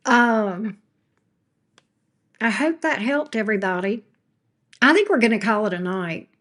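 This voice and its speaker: A woman's voice: fairly high pitch, lively intonation, a little slow, a bit bright. A woman tarot reader chatting casually with her viewers from home. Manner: chatty, talks baby talk to her pet. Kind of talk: casual livestream chat.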